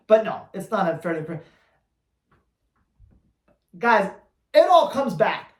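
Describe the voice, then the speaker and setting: A man's voice: high voice, big pitch swings, slow pace, pauses often, reverberant. Blunt, teasing male dog trainer. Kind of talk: answering viewer questions.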